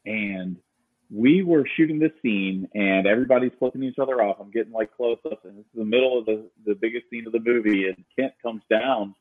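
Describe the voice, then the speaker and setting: A man telling stories about directing a film shoot in a casual, rambling chat, full of fillers and lively quoted asides. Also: lowish voice, fairly quick, no room sound, phone-quality sound.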